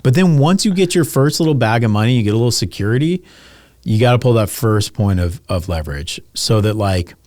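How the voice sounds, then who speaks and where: A man in his thirties talks as a podcast guest in an easygoing, candid way, with lots of "like" and an occasional swear. His voice sits at an ordinary middle pitch. The sound is dry and close to the microphone. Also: expressive, fairly quick, darkish tone, no room sound. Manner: candid, loose, peppered with "like" and the odd curse. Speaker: podcast guest, real estate agent. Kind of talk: casual interview storytelling.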